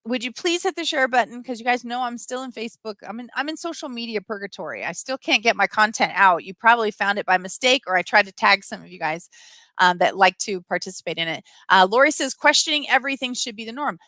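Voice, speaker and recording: A middle-aged woman hosts a casual live stream and reads out comments from viewers. Her voice sits a little high and sounds bright and forceful, and her delivery is emphatic and opinionated. The recording is dry, with almost no room sound. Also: lively intonation, fast talker, no echo.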